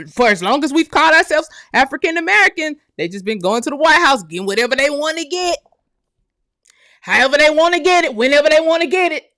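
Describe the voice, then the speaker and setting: A young woman with a high voice reacts out loud to a news clip. She talks loosely and outspokenly, full of exclamations and laughter. The sound is close and dry, with no room around it. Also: dry recording. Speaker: channel host. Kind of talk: casual reaction commentary.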